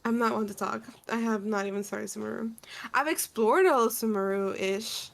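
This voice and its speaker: A woman's voice: a little high, normal speed, vocal fry. A woman chatting casually on a gaming stream, playful and teasing. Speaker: collab partner. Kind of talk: casual live-stream chat.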